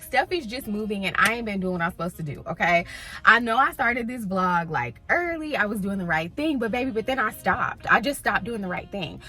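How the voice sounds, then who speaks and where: Bright-voiced woman gushing about a book. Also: mid-range voice, breathy edge. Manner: expressive, gushing, laughs often, talks straight to viewers. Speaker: book vlogger. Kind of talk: casual chatty book vlog.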